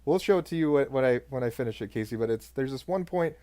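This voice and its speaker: A man's voice: medium pitch, animated, mellow. A man co-hosting a podcast, chatting casually and laughing along. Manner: laughs along, quick affirmations. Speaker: podcast co-host. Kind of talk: casual chat.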